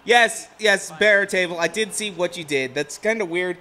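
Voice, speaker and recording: Brief: young male streamer, high, bright voice, excitable and rambling, casual game chat. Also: normal speed. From Ohio, USA. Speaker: gameplay streamer. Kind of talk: casual gameplay commentary.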